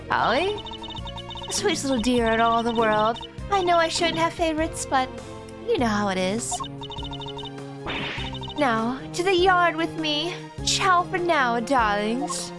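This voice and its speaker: A woman's voice: sits high, lively intonation, voice pushed up. A woman voicing a flamboyant, gushing older hostess who calls everyone darling, with a theatrical purr over game music. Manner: theatrical, drawn-out purring "darling".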